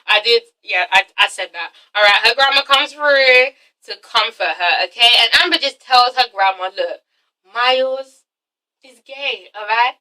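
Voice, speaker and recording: A woman's voice: on the high side, unhurried, sharp tone, recorded from a distance, low-quality recording. A woman hosting a casual TV-recap vlog, sassy and profane, with constant "okay?" asides. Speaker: reviewer, channel host.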